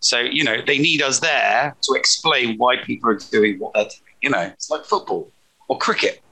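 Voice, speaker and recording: Gravelly-voiced chatty English man. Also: mid-range voice, normal speed, pushed and bright, poor audio. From England. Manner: chatty, joking, repeats himself. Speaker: podcast guest, commentator. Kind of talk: casual podcast chat.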